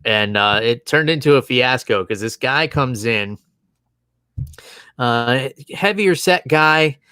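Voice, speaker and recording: A man's voice: mid-range voice, animated, slow pace, sharp tone, clean tone, no room sound. A man in his thirties tells a long, rambling story in casual podcast chat, amused and chuckling often. His voice sits in an ordinary middle range, and it was recorded close and dry with no room sound around it. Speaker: podcast co-host.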